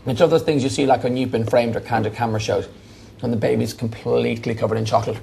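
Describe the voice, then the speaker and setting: A woman's voice: extremely low pitch, fairly even intonation, fast talker, gravelly, dark tone, a little hiss or hum. A woman chatting casually and jokingly in a reality show house. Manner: joking, chatty, acts out quotes. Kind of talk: casual chat.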